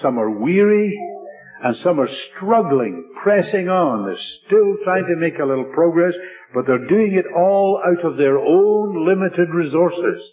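A man's voice: a little high, expressive, faint music behind. Man preaching over a tinny radio broadcast. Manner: measured, emphatic preaching with repetition. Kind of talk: sermon.

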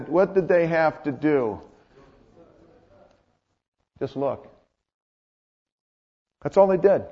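High-voiced pastor preaching in a hall. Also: male voice. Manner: conversational, quizzes the congregation. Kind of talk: sermon. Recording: echoey hall, dull lo-fi sound.

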